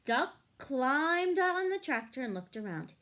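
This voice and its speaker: A woman reading a picture book aloud to children, pausing to ask them questions. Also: sits high. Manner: animated, asks the listeners questions.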